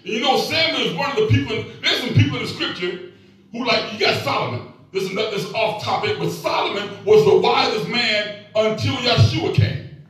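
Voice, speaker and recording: A man's voice: very high voice, normal speed, a bit bright, faint music behind. A middle-aged male pastor preaching a sermon, with call-and-response to the congregation and playful asides. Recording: echoey room, mic at a distance.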